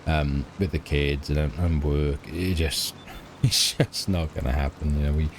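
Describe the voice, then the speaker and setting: Deep-voiced British man, rambling. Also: fairly even intonation, unhurried, slight background noise. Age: middle-aged. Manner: rambling, hesitant, self-mocking. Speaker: let's play gamer. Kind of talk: casual chat while playing.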